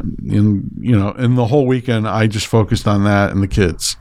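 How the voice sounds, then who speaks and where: Animated middle-aged man telling a story. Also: a little fast, few pauses. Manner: animated and emotional, swings high when excited; swears freely, trips over his words. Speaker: guest. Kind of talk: casual storytelling.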